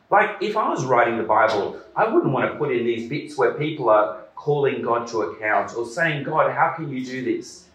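A man's voice: mid-range voice, a bit bright, echoey room, poor audio. A man, a church elder, giving a conversational sermon with many hesitant fillers.

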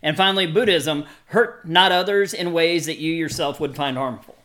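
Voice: mid-range voice, moderate pace, fairly bright tone. Reflective storytelling podcast host. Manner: reflective, storytelling, frequent fillers. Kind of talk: casual podcast chat.

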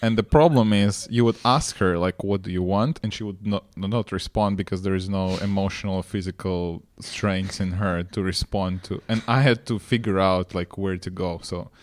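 A man with a low voice chats on a podcast and tells a story at length. He often restarts his sentences mid-thought. The sound is dry and close. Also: steady tone, moderate pace, hardly any pauses, dry recording. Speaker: podcast co-host. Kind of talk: casual podcast chat.

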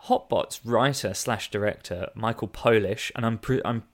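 Frequent laughter marks this low-voiced male co-host's easygoing film review chat, delivered at a moderate pace. Reading reviews aloud, he plays up quotes theatrically with mock emphasis.

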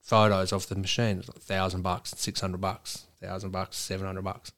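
A man's voice: deep voice, moderate pace. An Australian man, a racing driver, telling sweary stories in a casual chat. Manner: sweary, storytelling, animated.

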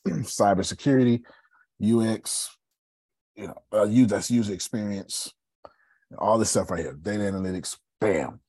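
A man's voice: low voice, a little mellow, no room sound. A man hosting a podcast in casual live coaching talk, emphatic, repeating phrases and calling listeners by name. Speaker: podcast host.

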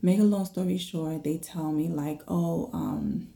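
Gravelly dark-voiced woman telling a story. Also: low voice, a little slow. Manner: animated, acts out her own and others' voices, drops to whispers. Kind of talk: casual storytelling to viewers.

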